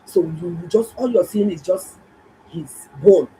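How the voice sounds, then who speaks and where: A middle-aged woman, a doctor, telling viewers a story in a casual, animated and exclaiming way. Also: lowish voice, slow pace, slight background noise, rough recording. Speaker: doctor and health vlogger.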